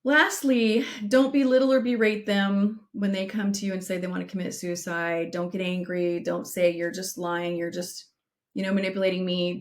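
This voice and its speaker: A middle-aged woman co-hosting a podcast, giving direct advice and telling a painful personal story in an earnest way. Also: medium pitch. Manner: earnest, direct, slows down for emphasis. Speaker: podcast co-host.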